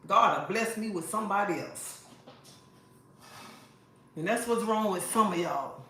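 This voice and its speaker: A woman's voice: medium pitch, animated, a little slow, pushed and bright, slight background noise. Woman, emphatic, preachy, repeats herself, live-stream advice talk, echoey room. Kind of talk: casual advice talk to viewers.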